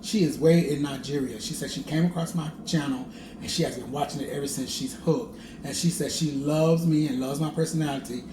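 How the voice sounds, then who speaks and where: Speaking fairly quickly in a higher voice with fairly even intonation, a man cooks at home and chats playfully in a sing-song way, laughing a lot. The vlog is shot by a distant camera in an echoey kitchen with background noise.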